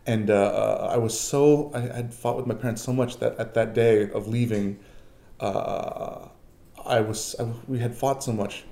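A man in his forties from New York, telling personal stories in a relaxed chat with many fillers. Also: mid-range voice, measured pace, gravelly, roomy sound. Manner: reflective storytelling, many fillers. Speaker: guest. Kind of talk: casual chat.

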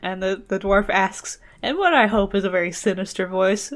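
A woman's voice: medium pitch, moderate pace. Playful woman retelling a fairy tale. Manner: playful, digressive, laughs often. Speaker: podcast host telling a fairy tale. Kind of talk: casual comedic storytelling.

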